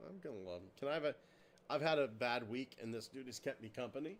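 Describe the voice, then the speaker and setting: A man's voice: mid-range voice, fast. A man hosting a casual podcast at his home computer, cracking crude jokes and poking fun at himself. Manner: crude, joking, self-deprecating. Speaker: podcast host.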